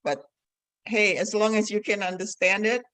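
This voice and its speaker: A man with a heavy accent and a high voice moderates an online session and calls on the next speaker. His easygoing, cheerful tone sounds dry and close to the mic. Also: normal speed, pushed and bright, no room sound. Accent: heavy non-native English.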